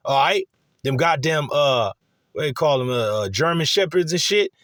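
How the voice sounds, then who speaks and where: Excitable, profane man preaching. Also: a little high, moderate pace, no echo, studio quality. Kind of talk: profane casual sermon.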